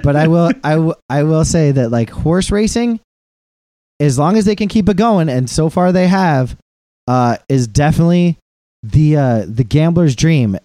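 A man in his thirties co-hosting a casual podcast, rambling and swearing as he gets animated. His voice sits a bit high but sounds mellow and warm. The recording is dry and close. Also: normal speed, dry recording. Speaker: podcast co-host. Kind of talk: casual chat.

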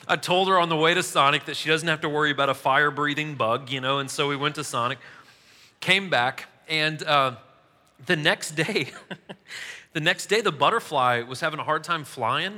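A man with a raised, bright voice delivers a relaxed, joking sermon. He talks to the congregation casually and pokes fun at his own stories. The sound carries a long reverb from a big church hall. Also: on the high side, normal speed. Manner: chatty, self-mocking, laughs at his own stories. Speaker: preacher.

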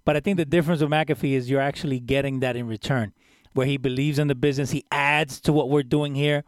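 A man co-hosting a casual wrestling podcast, speaking emphatically and getting more excited as he goes. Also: medium pitch, quick pace, dry recording.

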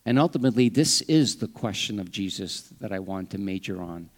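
Man preaching an animated sermon. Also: brisk. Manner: animated preaching, acts out quoted lines with jumps in pitch and volume; conversational and humorous asides. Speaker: pastor.

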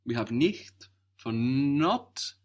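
A man's voice: medium pitch, lively intonation, drawn-out words, darkish tone. A man teaching a spoken language lesson, patiently explaining and modeling each word carefully.

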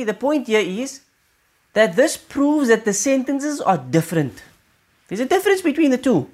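A high-pitched male teacher of Quranic interpretation gives an explanatory religious lesson. He frequently checks in with the listener and quickly recites short Arabic verses between explanations.

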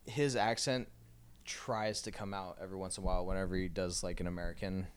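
A man's voice: low voice, fairly even intonation, a little fast, clear, resonant tone. A young man co-hosting a podcast, chatting in a laid-back, agreeable way. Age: young adult. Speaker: podcast co-host. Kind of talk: casual chat.

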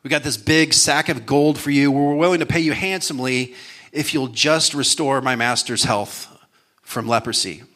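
A man playing a deferential captain, polite and eager, bright ringing voice. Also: mid-range voice, normal speed, close to an everyday voice. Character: dutiful male army captain, polite.

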